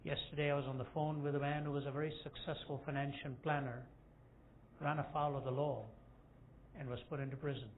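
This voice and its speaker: A man in his sixties preaches a storytelling sermon, his somewhat high voice climbing to loud, emphatic peaks. The sound is thin and phone-like, with a faint hiss underneath. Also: level tone, brisk. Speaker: evangelist speaker.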